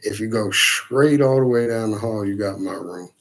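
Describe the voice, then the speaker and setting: A man casually telling a profane, animated story about a frightening night. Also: on the low side, moderate pace, gravelly.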